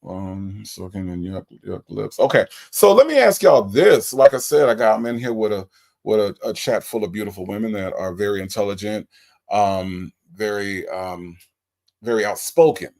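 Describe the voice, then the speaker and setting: A man hosts a live stream, reacting to a recorded call and talking straight to his chat. His gravelly voice swings widely in pitch as he repeats his questions in disbelief. He chats loosely and casually with his viewers. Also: expressive, moderate pace, a little mellow. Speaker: livestream host reviewing a recorded call.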